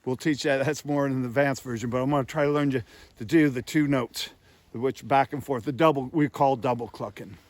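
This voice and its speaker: A man's voice: medium pitch, a little fast. A man teaching goose calling step by step, voicing honks and clucks to show the technique. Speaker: goose call instructor. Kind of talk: instructional demonstration.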